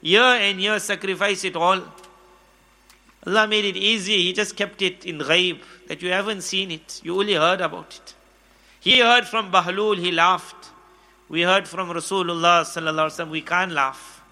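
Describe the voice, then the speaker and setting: A man's voice: high voice, steady tone, moderate pace, sharp tone. A man preaching a sermon in a chatty, humorous way, telling a story and acting out its dialogue.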